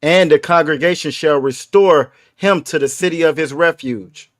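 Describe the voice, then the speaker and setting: A man in a scripture class reading Bible verses aloud in a loud, measured, formal way. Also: fairly high pitch.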